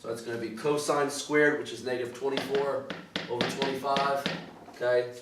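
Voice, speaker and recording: A male math teacher talks through trig problems in a relaxed, repetitive way, checking in with "okay?" after each step. His voice sits at an ordinary pitch and comes across a bit distant from the mic. The room is echoey, with clear background noise. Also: normal speed. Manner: casual, repetitive "okay, all right" checks. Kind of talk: recorded math lesson walkthrough.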